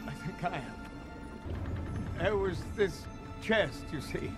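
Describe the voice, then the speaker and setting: An actor playing a calm older governor's ghost, speaking slowly and gently in a film clip. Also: male voice, high voice, loud music behind the voice. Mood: wistful. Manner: slow, gentle, reflective. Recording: film clip under loud score.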